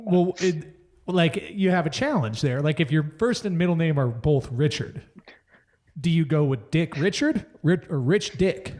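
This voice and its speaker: A man's voice: on the high side, lively intonation, unhurried, darkish tone. A man hosting a podcast in casual banter, playful and teasing, with mock-announcer introductions. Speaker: podcast host.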